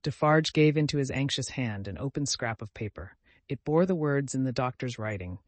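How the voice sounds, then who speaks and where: A man narrating an audiobook in a measured, even delivery. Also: medium pitch, no echo.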